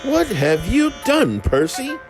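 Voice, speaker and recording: A man voicing a brisk, bossy middle-aged railway signalman in a storybook tale. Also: extremely high pitch, huge pitch swings, voice pushed up, full character voice. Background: background music.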